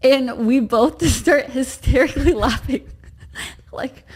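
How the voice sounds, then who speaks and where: Animated, mock-indignant pregnant woman. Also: sits high, measured pace, husky. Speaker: podcast co-host. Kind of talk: casual chat.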